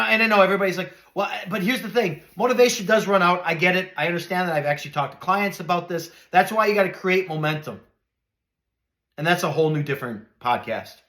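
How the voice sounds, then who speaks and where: On his motivational podcast, a middle-aged host preaches with real earnestness, swinging between quiet, reflective lows and forceful, emphatic highs.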